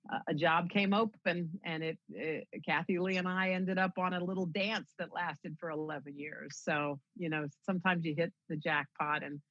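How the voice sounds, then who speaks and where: A middle-aged woman with a low, husky voice talks through her career in a relaxed interview. She tells her stories animatedly and slips into the voices of people she quotes. The sound is dry and a bit dull. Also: normal speed, few pauses, dry recording. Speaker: interview guest, TV host. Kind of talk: conversational storytelling interview.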